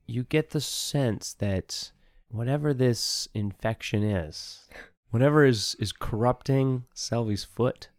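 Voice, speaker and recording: A man narrating a tabletop game as game master, slow and laughing often. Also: medium pitch, no room sound, clean studio sound.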